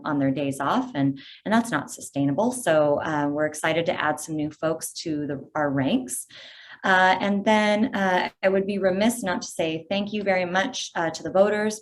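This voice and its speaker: A woman fire chief giving a brisk, informative update to a virtual community meeting over a video call. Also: low-pitched, a little hiss or hum.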